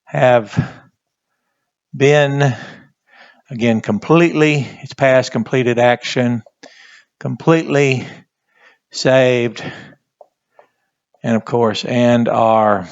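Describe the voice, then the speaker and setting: A man teaching a Bible language class, speaking haltingly and repeating words as he writes on a board. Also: medium pitch, fairly even intonation, clear, resonant tone, dry recording, lo-fi sound. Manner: slow, halting, repeats words while writing. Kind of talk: classroom lesson at a whiteboard.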